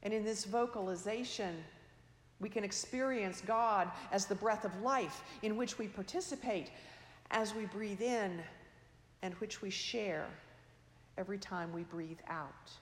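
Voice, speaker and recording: A woman preaching a sermon in a slow, measured, reflective way, her phrase endings trailing off softly. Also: mid-range voice. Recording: echoey hall, long reverb.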